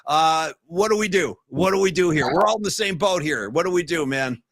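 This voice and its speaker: A man in his fifties from Northern California, hosting a livestream podcast and chatting in an excitable, rambling, slangy way over a streaming call mic. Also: on the high side, fairly quick, dry recording, studio quality. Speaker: podcast host. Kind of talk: casual livestream chat.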